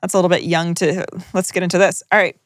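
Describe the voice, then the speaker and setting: A woman's voice: on the low side, level tone, quick pace, dry recording, clean studio sound. A young woman co-hosting a podcast, reading listener stories aloud with wry, sardonic asides. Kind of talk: casual chat, reading aloud.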